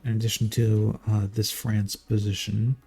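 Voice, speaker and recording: A man's voice: on the low side, completely flat delivery, moderate pace, vocal fry, darkish tone, husky, soft background music. A man casting a strategy game live in a casual, jokey, chatty way. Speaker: game caster.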